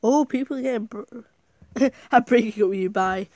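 A woman giving casual, chatty gameplay commentary as a gaming vlogger, thinking aloud and getting excitable. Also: fairly high pitch, normal speed, no echo.

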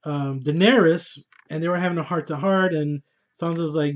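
A man doing a casual spoiler review of a TV episode, excitable and profane, often laughing as he talks. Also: fairly high pitch, fairly quick, muffled recording. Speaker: TV show reviewer.

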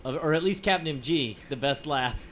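A man's voice: fairly high pitch, animated, normal speed, a bit bright, slight background noise. A man hosting a live web show in casual chat, rambling, joking and laughing often. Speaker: host.

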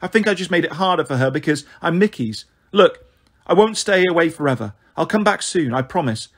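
A man's voice: on the high side, animated, brisk. A man voicing an apologetic teenage girl explaining herself over the phone, in an audiobook reading. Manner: apologetic, earnest.

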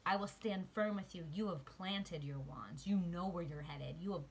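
A woman giving a spiritual tarot reading to her viewers, emotional, shifting from quiet murmurs to excited exclamations. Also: fairly low pitch, normal speed, a little hiss or hum. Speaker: tarot card reader. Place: outdoors.

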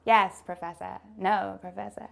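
A woman's voice: mid-range voice, flat delivery, normal speed, creaky, fairly bright tone. A woman doing an impression of a 1930s film star woman, with a theatrical, old-fashioned drawl. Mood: playful.

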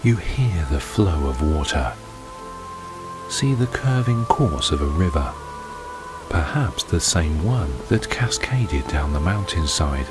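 A man doing his deep voiceover voice, calmly narrating an immersive second-person scene over a loud music bed. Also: takes it slowly, full character voice. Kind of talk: deep voiceover narration of a guided running audio.

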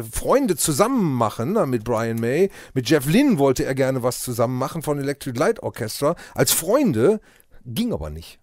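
A man's voice: medium pitch, a little mellow, dry recording. A male radio host loosely summarizing and recapping an interview, with many fillers, speaking into a close studio mic.

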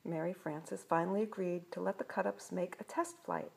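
Older woman, grandma reading aloud, gravelly, gentle asides. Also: on the low side, moderate pace. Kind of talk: children's story read-aloud.

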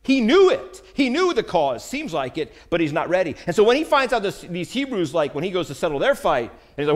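Lively preacher man with a wide-ranging voice. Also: sits high, fast. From United States. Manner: animated, acts out Bible characters' lines. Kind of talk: sermon.

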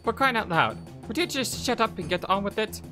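A man's voice: high-pitched, lively intonation, brisk, pitched above the performer's own voice. A man voicing a feisty young female thief with a put-on Irish accent, talking brash and mouthy. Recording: music playing behind voice.

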